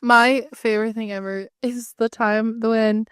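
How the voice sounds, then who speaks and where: A woman's voice: a little high, measured pace, clear, resonant tone, no echo, studio quality. A woman co-hosting a podcast, telling stories in casual chat and acting out what people said. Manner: animated storytelling, acts out voices. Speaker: podcast co-host.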